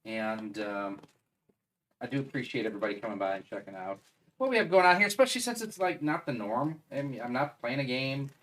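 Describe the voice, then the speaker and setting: A man's voice: medium pitch, big pitch swings, a little fast, a bit bright, a little hiss or hum. A man with a Wisconsin accent chatting casually on a live stream, rambling and thinking aloud as he assembles a 3D printer.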